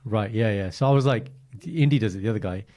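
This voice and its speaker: Fast-talking man telling a story. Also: on the low side. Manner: fast, animated storytelling with acted-out quotes. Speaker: podcast co-host. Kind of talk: casual podcast banter.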